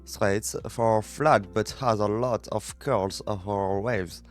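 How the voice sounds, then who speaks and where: A French man with a French accent, a native French speaker, reading English lessons aloud on a study live stream and halting to repeat words while practising pronunciation. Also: lowish voice, soft background music.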